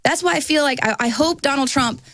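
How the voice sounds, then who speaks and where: A young adult woman co-hosting a political talk show, talking in an indignant, animated way. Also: sits high, fairly quick, no echo.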